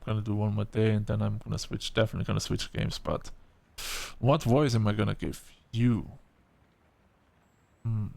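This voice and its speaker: A man's voice: fairly low pitch, steady tone, moderate pace, gravelly, long pauses, a little mellow. A man casually commenting on a cozy game while streaming, chatty and laughing, his voice sounding tired. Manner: chatty, laughing, swears offhandedly. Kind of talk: casual let's-play commentary.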